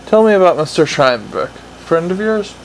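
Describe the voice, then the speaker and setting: Weary police commander, dry and measured, read by a man, gravelly edge. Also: sits high, very animated, a little hiss or hum, poor audio. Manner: tired, dry, measured questioning.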